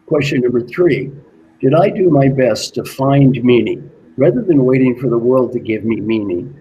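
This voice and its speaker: A man working as an executive coach, giving an earnest motivational talk and slowly repeating his key questions. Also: medium pitch, dark tone, a little hiss or hum, low-quality recording.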